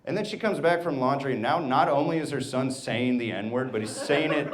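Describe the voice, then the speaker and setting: A man performing a stand-up comedy set on a club stage, telling stories and quoting people in an animated way. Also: medium pitch, a little fast, a crowd in the background.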